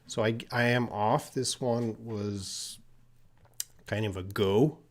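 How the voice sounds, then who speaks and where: Slow-talking man teaching English. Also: lowish voice. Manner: slow, explains by restating, many fillers. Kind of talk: live-stream Q&A lesson.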